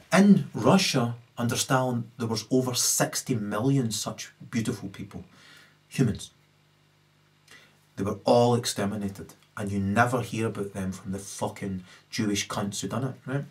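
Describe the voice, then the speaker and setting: A man in a rambling, ranting monologue, constantly tagging his points with questions. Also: medium pitch. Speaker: commentator.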